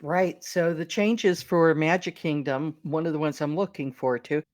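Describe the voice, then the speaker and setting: A woman's voice: low voice, steady tone, normal speed, a little mellow, no echo, clean studio sound. A middle-aged woman co-hosting a podcast in casual, enthusiastic chat, often restarting words. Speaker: podcast co-host.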